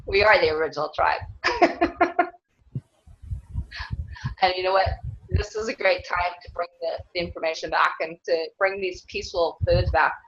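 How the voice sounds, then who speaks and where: Interviewed casually, a self-described clan mother rambles earnestly and laughs often. Her lowish voice is expressive and fairly bright, at a moderate pace with frequent pauses, and the recording has a dull lo-fi quality.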